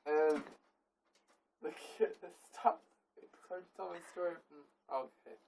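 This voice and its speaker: Young adult improvising a silly story among friends, giggly and rambling, mic set back, soft room hiss. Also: mid-range voice, a little slow, vocal fry, distant mic, rough recording. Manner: giggly, rambling, self-correcting.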